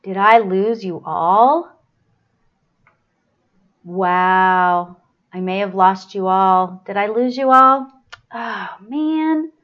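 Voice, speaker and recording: A woman's voice: mid-range voice, extremely slow, long pauses, dull audio. A woman hosting a live stream as a psychic medium, chatty and flustered, apologizing and laughing as she gives readings.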